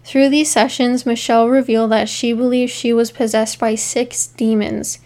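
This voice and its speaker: A woman's voice: a little high, little pitch movement, normal speed, dark tone. A woman co-hosting a casual podcast, reading case notes with asides and frequent ums. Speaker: podcast co-host. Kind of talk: casual true-crime podcast chat.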